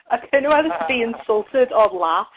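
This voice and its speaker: A woman's voice: a little high, big pitch swings, moderate pace, low-quality recording. A woman with a Scouse accent co-hosting a casual interview, giggly and teasing.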